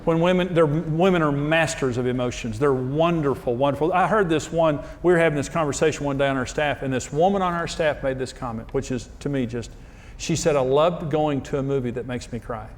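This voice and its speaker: A middle-aged man tells stories as he teaches a marriage sermon. His voice sits a bit high, and he slips into the voices of the people he quotes. A faint hum of room noise runs underneath. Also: fairly quick. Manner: folksy storytelling, acts out quoted voices. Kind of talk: humorous sermon to a live audience.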